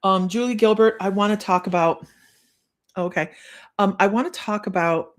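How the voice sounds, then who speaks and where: A middle-aged woman giving a live-streamed psychic reading, chatty and rambling with many pauses and restarts. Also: mid-range voice. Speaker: psychic medium.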